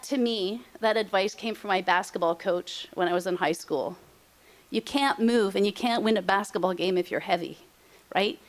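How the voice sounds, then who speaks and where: A middle-aged woman presenting on aging and senior housing, speaking emphatically and repeating her points, openly emotional. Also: mid-range voice. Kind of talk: heartfelt motivational talk.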